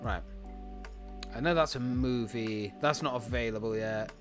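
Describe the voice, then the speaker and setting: A man's voice: mid-range voice, unhurried, over music. A man streaming casually, chatting with enthusiasm, swearing freely and thinking aloud as he goes through his anime list.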